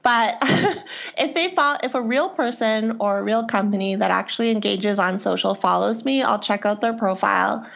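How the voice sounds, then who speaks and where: A woman's voice: mid-range voice, moderate pace, gravelly, a bit bright, highs cut off. A woman guest on a podcast interview, speaking frankly and breezily and laughing often. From Canada. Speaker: guest, social media strategist. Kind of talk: casual interview chat.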